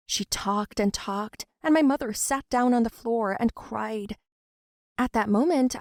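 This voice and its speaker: Woman narrator, fairly high voice, earnest first-person storytelling, dry studio voice-over. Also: a little mellow, no echo.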